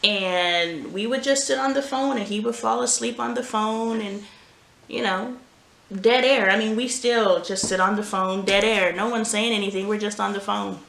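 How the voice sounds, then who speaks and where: A woman's voice: medium pitch, steady tone, normal speed, vocal fry, a bit bright. Chatty woman telling stories in a roomy house. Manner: candid, chatty, laughs while telling stories. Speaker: vlogger and mother. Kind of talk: casual storytelling chat. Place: home, doing laundry. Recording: roomy home echo, faint noise.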